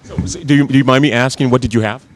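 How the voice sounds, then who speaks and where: A man's voice: mid-range voice, steady tone, rapid-fire. A man hosting a TV show, interviewing staff and diners on location in a restaurant, with a chatty manner and lots of repeated words as he builds up each question. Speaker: TV show host.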